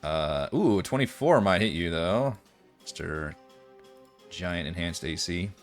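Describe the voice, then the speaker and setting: A man's voice: deep voice, expressive, slow pace, faint music behind. A man running a tabletop game as dungeon master, thinking aloud with lots of fillers. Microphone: headset or desk mic on a voice call.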